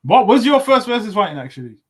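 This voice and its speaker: A man's voice: sits high, very animated, fast, husky, dry recording. A man hosting a casual podcast interview, agreeing often with lots of short affirmations.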